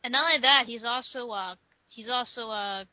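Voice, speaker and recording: A woman's voice: fairly high pitch, normal speed, no echo. Young woman, dry lo-fi recording. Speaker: podcast co-host. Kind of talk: casual film discussion. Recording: dry, dull lo-fi audio.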